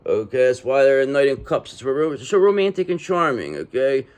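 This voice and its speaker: Male tarot reader, casual and streetwise, keeps checking in with "okay?", mid pitch. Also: sing-song, fairly quick, a little mellow. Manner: street-talking, repetitive, reassuring with frequent "okay?". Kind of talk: casual tarot reading monologue.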